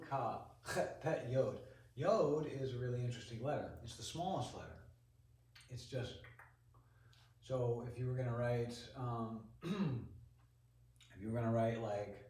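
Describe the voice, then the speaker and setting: A man's voice: mid-range voice, a little hiss or hum. Casual male teacher, mid-range voice, chatty with frequent fillers; distant mic, very echoey room. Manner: relaxed, chatty, many ums and restarts. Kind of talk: classroom lesson. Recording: roomy echo, voice from far off.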